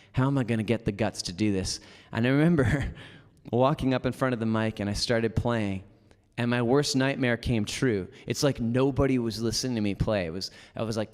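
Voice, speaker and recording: A man's voice: mid-range voice, in a large hall. A man giving a motivational keynote, telling stories casually with lots of "like" fillers. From Canada. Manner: lively storyteller, casual with many "like" fillers. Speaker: motivational speaker. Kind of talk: storytelling keynote talk. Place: large hall before an audience.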